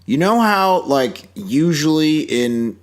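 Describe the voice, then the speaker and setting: A man's voice: fairly high pitch, very animated, slow pace. Sarcastic man co-hosting a podcast. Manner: sarcastic, acts out characters in quoted voices, swears freely. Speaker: podcast co-host. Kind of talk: casual movie review chat.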